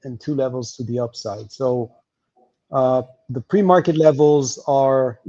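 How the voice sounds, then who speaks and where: A man's voice: mid-range voice, steady tone, measured pace, dark tone, highs cut off. Hesitant man explaining market levels. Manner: explanatory, hesitant with many fillers. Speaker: market analyst guest. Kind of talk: livestream market analysis.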